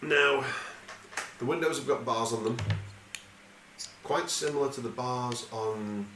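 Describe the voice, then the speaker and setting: A man with a mid-range voice and a slightly slow pace runs a tabletop game as game master. His narration is casual, full of loose, rambling asides and swearing. The room is echoey with a bit of background noise.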